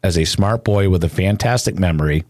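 A man with a very low, deep voice reads a somber news report, solemn and measured. The sound is dry and close, with no room around it. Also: darkish tone, no room sound. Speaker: news narrator.

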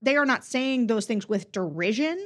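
Animated woman podcast co-host. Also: on the high side. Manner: animated, quick, self-interrupting. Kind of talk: casual political chat.

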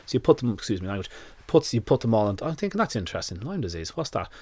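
A man's voice: on the low side, sing-song, fast, noisy background. A man being interviewed on a podcast as a dog nutrition expert, telling a story with lots of quoted back-and-forth and casual swearing. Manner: swears freely, retells events in quoted dialogue.

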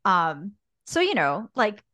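A woman co-hosting a podcast, talking openly and casually with plenty of filler words. Her pitch swings widely as she tells stories, and the recording is dry and close with no room echo. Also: takes it slowly. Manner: candid, animated storytelling, many "like" fillers. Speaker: podcast co-host. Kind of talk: casual faith podcast chat.

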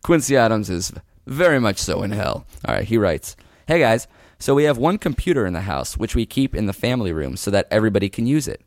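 A man co-hosting a comedy advice podcast, reading listener questions and riffing with quick, playful jokes. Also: lowish voice, sing-song, no echo, clean studio sound. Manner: quick, playful, jumps to goofy bits. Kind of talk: casual comedic chat.

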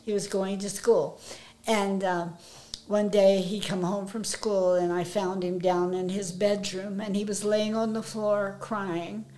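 A woman's voice: medium pitch, level tone, unhurried, dark tone, slight background noise, rough recording. Older woman telling family stories. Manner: rambling, tender, with restarts. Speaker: guest, host's mother. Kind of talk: casual storytelling.

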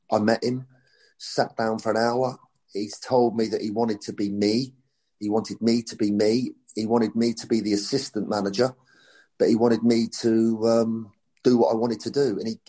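A man's voice: lowish voice, warm tone. A middle-aged man, a football coach, telling anecdotes in a chatty interview. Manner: chatty anecdotal storytelling, acts out quotes. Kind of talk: storytelling interview.

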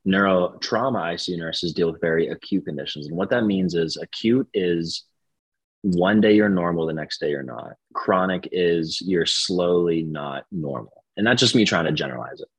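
A man in his twenties, a nurse and podcast guest, talking in a relaxed, chatty way with lots of "like" fillers. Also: sits low, normal speed, slightly rough, no echo, poor audio. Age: 20s. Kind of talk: casual conversation.

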